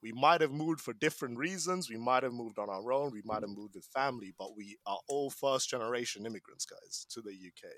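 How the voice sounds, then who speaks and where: A young man from Sri Lanka hosts a casual chat podcast, playful and teasing as he hypes up his friends. His voice sits at an ordinary middle pitch. The recording is dry, with the mic close and no room sound. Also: brisk, few pauses, a bit bright, dry recording. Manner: joking, teasing, hypes up guests. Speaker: podcast host.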